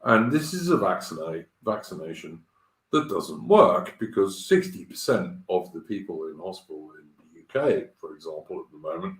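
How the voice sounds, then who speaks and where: A man's voice: sits low, big pitch swings, moderate pace. Blunt, crude-talking man in a roomy echo. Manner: blunt, crude, swears freely. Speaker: stream host. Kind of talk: casual live-stream chat. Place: home in Australia.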